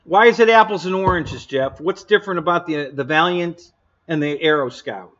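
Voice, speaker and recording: A man's voice: on the high side, normal speed, a bit bright. A man hosting a live stream, chatting casually and bluntly, laughing often and answering viewers' comments. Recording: dull lo-fi stream audio.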